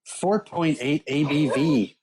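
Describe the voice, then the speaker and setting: A man's voice: a little high, takes it slowly, a little mellow, slight background noise, poor audio. A man co-hosting a podcast in casual chat, easygoing and using fillers. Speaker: podcast co-host.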